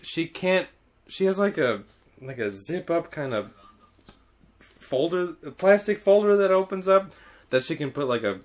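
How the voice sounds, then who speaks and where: Animated, laughing man telling a story. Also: a little high. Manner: animated, laughing often, swears freely. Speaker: podcast host telling a classroom story. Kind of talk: casual storytelling chat.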